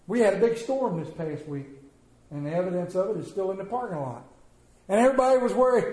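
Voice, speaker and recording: A man preaching a sermon, telling stories and swinging between quiet and loud delivery. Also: high-pitched, animated, quick pace. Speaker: pastor. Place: church sanctuary. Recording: roomy church echo.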